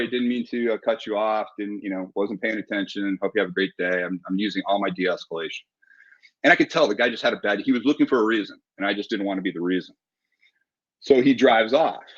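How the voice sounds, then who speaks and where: Husky low-voiced man, lo-fi sound. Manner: relaxed storyteller with many restarts. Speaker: martial arts instructor and author. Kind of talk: casual interview talk. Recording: dull lo-fi audio.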